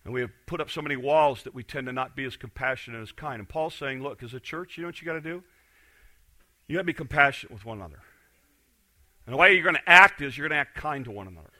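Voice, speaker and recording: A man preaching a sermon as pastor, swinging between loud, emphatic stretches and quiet, intense ones, with frequent restarts. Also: mid-range voice, quick pace.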